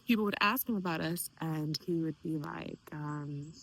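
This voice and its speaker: Candid, animated young woman vlogging. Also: fairly low pitch, a little fast, vocal fry, hardly any pauses, breathy edge, rough recording. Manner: candid, animated, quoting others in lively voices. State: tearful at times. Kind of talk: emotional personal vlog.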